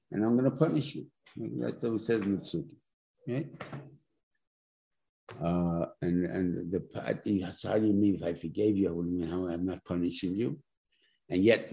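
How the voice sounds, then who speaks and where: A man's voice: fairly low pitch, vocal fry, warm tone, husky, low-quality recording. A man, a rabbi, giving a conversational weekly Torah class that is full of rhetorical questions and "right?" check-ins. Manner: explains by plain everyday examples.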